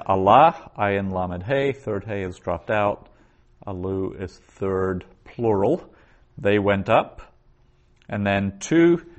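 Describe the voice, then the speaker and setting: Man, low voice, unhurried, methodical lecturer, sounds out words carefully. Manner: slow, methodical, reads Hebrew aloud syllable by syllable. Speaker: biblical Hebrew teacher. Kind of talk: classroom grammar lecture.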